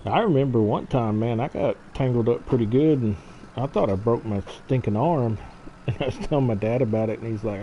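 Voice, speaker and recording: A man's voice: medium pitch, fairly quick. A middle-aged man hosting a gaming stream, chatting casually and laughing as he tells family stories. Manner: chatty storyteller, laughs often. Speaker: gaming channel host. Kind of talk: casual chat while streaming a farming game. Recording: dull lo-fi stream audio, faint noise.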